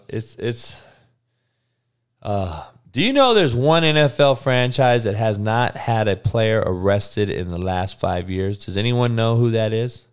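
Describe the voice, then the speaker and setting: This sports podcast host talks in a lowish, clean voice. He's on a casual rant, swearing freely and blunt as ever while firing back at the people in his live chat.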